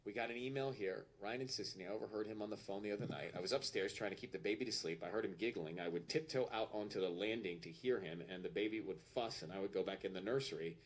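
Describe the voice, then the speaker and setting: A man's voice: fairly low pitch, fast talker, few pauses. A man hosting a radio call-in show, upbeat and bantering.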